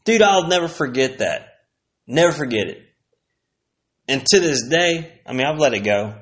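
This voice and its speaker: A man hosting a solo podcast who talks in a loose, wandering way and swears freely. His voice sits at an everyday middle pitch and he drifts between stories. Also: expressive, moderate pace, fairly bright tone. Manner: rambling, profane, laid-back, sipping whiskey. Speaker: podcast host. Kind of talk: casual solo podcast reminiscing.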